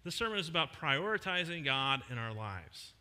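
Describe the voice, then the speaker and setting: A middle-aged man preaches a sermon in a conversational, emphatic style, pausing to lean on key words. His voice is bright and fairly high, with lively swings of pitch. It rings out in a church hall with a long reverb. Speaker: pastor.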